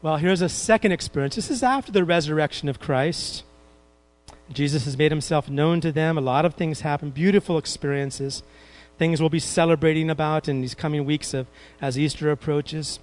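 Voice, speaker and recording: A man preaching a sermon, drawing the congregation into repeating verses and adding light humorous asides. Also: fairly high pitch. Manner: quotes King James scripture with slow emphasis.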